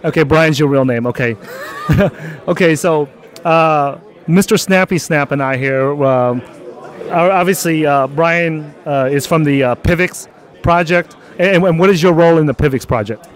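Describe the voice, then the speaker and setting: A man's voice: on the high side, measured pace. A man hosting a casual interview outdoors at a conference, loose and jokey with many fillers. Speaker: channel host.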